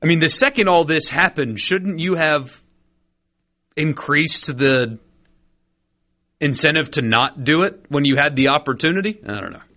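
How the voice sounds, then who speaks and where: A man's voice: a little high, normal speed, long pauses, bright, forceful tone. A man hosting a sports radio show, chatty and opinionated, with frequent fillers. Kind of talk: casual sports talk radio. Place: radio studio.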